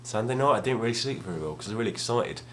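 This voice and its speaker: A man's voice: fairly low pitch, animated, rapid-fire, a bit bright, slight background noise. Man rambling through a story. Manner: rambling, self-deprecating, restarts often. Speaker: gaming vlogger. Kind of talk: casual storytelling. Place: home room, at a table.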